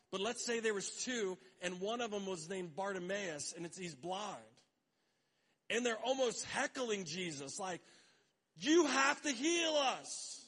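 A man's voice: high-pitched, a bit bright, husky. A middle-aged man preaching a sermon as pastor in a casual, conversational way, with joking asides and brief acted-out quotes.

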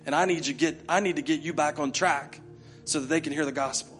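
A man preaches to his church with a high voice. He throws himself into the sermon and acts out pleading prayers in quick repeated bursts. Soft music plays faintly behind him. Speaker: pastor.

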